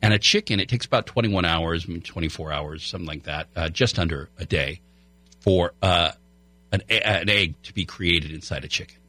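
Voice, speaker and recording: Man, food radio host, casual and rambling, low-ish voice, dry close studio mic. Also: moderate pace, sharp tone, dry recording. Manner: rambling, lots of fillers and restarts. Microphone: studio microphone.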